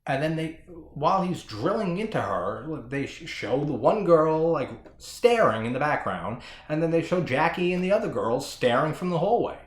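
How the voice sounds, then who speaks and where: A man talks through a horror film in a loose, chatty way, full of swearing and quick laughs. His pitch swings widely up and down as he reacts. The room has a clear, roomy echo. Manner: animated, profane, laughs often. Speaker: horror podcast host. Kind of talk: casual film discussion.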